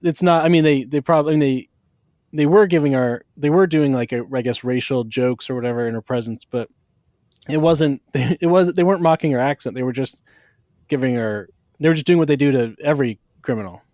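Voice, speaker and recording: Host: man, mid pitch, dry close sound, halting conversational delivery. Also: darkish tone, no room sound. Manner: conversational, halting, many restarts. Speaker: podcast host. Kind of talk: casual film discussion.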